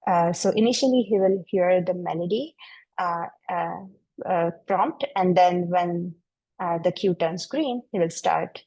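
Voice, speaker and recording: Warm, gravelly woman explaining research slides. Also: fairly low pitch, no room sound, muffled recording. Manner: measured, explanatory, walking through slides. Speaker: neuroengineering researcher presenting. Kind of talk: technical webinar presentation.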